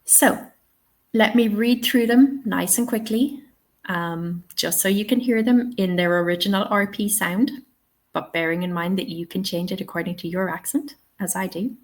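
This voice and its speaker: A woman's voice: mid-range voice, normal speed. A woman with an Irish accent teaching an online webinar for language teachers, patient and checking in often with her listeners. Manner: patient, checks in often with "okay" and "all right". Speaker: TEFL trainer.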